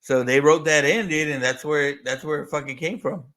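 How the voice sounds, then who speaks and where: A man's voice: a little high, normal speed, fairly bright tone. A man co-hosting a casual movie podcast, swearing freely, laughing a lot and rambling loosely. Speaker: podcast co-host.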